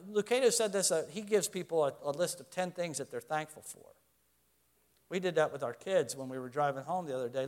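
Pastor, middle-aged man, high-pitched voice, earnest and conversational sermon delivery. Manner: earnest, conversational preaching with rhetorical questions.

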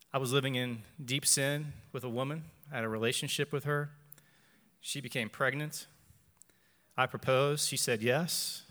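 A man in his forties gives an earnest personal faith testimony to a church, speaking in measured phrases and repeating lines for emphasis. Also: medium pitch, pushed and bright, long reverb tail. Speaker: church member giving testimony.

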